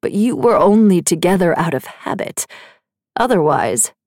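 A woman reading the part of a glib, charming young male fae storyteller with a smooth, coaxing way of talking. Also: high-pitched, expressive, moderate pace, darkish tone, no room sound, studio quality. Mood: strained.

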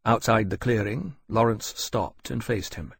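Husky low-voiced male narrator. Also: measured pace, no room sound. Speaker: audiobook narrator. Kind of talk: scripted narration.

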